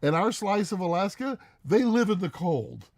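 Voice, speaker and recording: A man co-hosting a live stream, chatting casually and quickly, laughing often as he answers questions. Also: high voice, very animated, darkish tone, no echo. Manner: fast-talking, laughs often.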